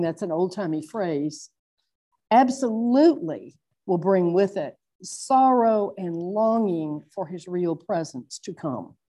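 A middle-aged woman preaching a sermon, earnest and reflective, slowing down to stress her points. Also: lowish voice, dark tone. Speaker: Bible teacher.

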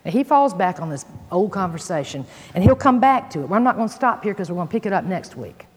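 A woman's voice: medium pitch, very animated, quick pace, hardly any pauses, slightly rough. A woman teaching a sermon, reading scripture with dramatic emphasis and folksy asides to her listeners. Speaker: Bible teacher. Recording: long hall reverb.

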